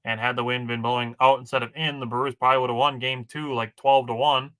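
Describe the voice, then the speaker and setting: A man from Wisconsin talks baseball on a casual podcast, running through plays and numbers from his notes. His voice is bright and forceful, with the odd dry joke. He sits at a middling pitch. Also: flat delivery, fast talker, clear, resonant tone. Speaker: podcast co-host. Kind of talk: casual sports chat.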